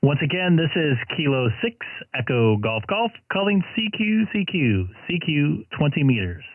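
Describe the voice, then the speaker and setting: Laid-back ham radio host calling CQ. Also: male voice, a little high, unhurried, no room sound, narrow, tinny audio. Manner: relaxed, jokey, self-deprecating. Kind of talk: casual radio chat and calling CQ. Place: home radio station.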